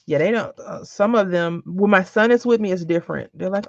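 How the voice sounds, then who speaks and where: Woman, rambling crafting vlogger, gravelly fry, dry dull lo-fi sound, chats through stories. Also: medium pitch, expressive, a little fast, hardly any pauses, no echo. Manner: chatty, rambling, tells anecdotes. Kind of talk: casual chat while crafting. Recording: dull lo-fi recording.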